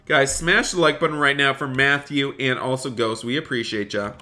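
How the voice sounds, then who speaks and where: A male game streamer with a bright, forceful voice. He talks straight to his viewers on a live stream, chatty and excitable, and breaks into gushing thanks for donations. The pitch sits in a middle range for a man. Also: moderate pace. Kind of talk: live gaming stream commentary.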